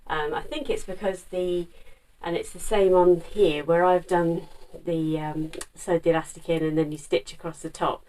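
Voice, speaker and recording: A woman's voice: fairly low pitch, fairly even intonation, normal speed, warm tone, far from the mic, low-quality recording. A middle-aged woman, chatting casually to camera about her sewing, rambling with plenty of fillers and restarts. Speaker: sewing vlogger.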